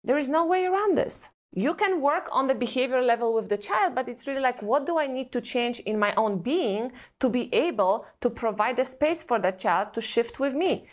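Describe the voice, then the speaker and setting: On a podcast, a guest expert in parenting and trauma with an Eastern European accent poses one rhetorical question after another, earnest and reflective. She talks at a moderate pace with few pauses, her fairly high voice animated.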